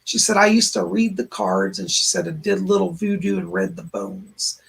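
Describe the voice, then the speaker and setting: A hoarse man hosting a live-stream psychic reading, relaying spirit messages in looping "he said" phrasing and thanking viewers effusively. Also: high-pitched, very animated, normal speed, a bit bright. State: hoarse, voice giving out. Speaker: psychic medium, stream host.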